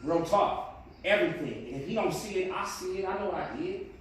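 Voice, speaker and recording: Casting: high-pitched man, earnest motivational speaker with speech, addressing a classroom from a distance in a very echoey room. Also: animated, brisk, a bit bright, slight background noise. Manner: earnest, preachy, rising to emphatic peaks.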